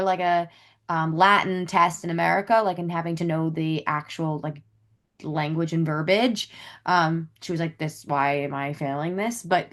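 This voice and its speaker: A woman's voice: lowish voice, fairly bright tone. A young woman from New York, a guest in a webinar, chatting casually about teaching abroad with lots of "like". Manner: chatty, heavy use of "like".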